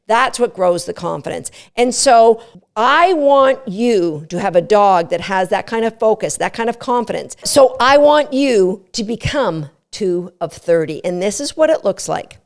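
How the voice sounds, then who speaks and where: Woman, dog trainer, podcast host, emphatic coaching delivery, somewhat high voice. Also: expressive. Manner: emphatic, coaching tone with quick asides. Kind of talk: instructional podcast talk.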